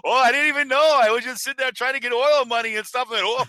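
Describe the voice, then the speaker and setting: A man's voice: very high voice, quick pace, sharp tone, dry recording, pitched above the performer's own voice. A man playing a flustered, clueless middle-aged man caught up in a spy scandal, talking in a goofy, oblivious way.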